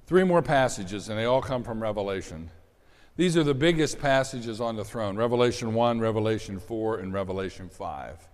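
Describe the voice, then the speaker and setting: A man preaching a sermon in an animated way, dropping to soft asides and rising to shouted bursts. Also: on the low side, normal speed. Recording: long hall reverb.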